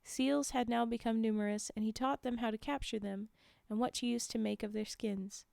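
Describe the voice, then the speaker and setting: A young adult woman reading folktales aloud on a livestream, chatty, pausing for casual asides and fillers. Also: a little high, steady tone, gravelly, darkish tone, clean tone, dry recording, clean studio sound. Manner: chatty, frequent laughs and fillers while reading. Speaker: livestream storyteller.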